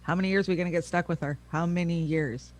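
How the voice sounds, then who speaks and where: A man co-hosting a casual political chat, blunt, cynical and quick to swear. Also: fairly high pitch, fairly even intonation. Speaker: co-host.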